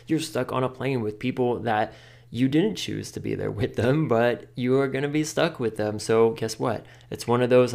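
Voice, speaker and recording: Man, podcast host, casual advice talk, gravelly voice, chatty, lots of fillers. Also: mid-range voice, darkish tone. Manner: chatty, filler-heavy with frequent "like", laughs often.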